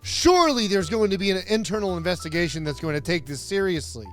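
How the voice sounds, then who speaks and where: A man's voice: sits high, expressive, fast, faint music behind. A man narrating a comedic wrestling recap, sarcastic and joking, with laughs in his delivery. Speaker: wrestling video host.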